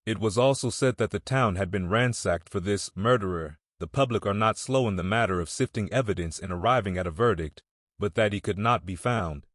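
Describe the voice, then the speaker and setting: Brief: male audiobook narrator, lowish voice, measured and steady, dry close sound. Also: no echo. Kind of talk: scripted narration.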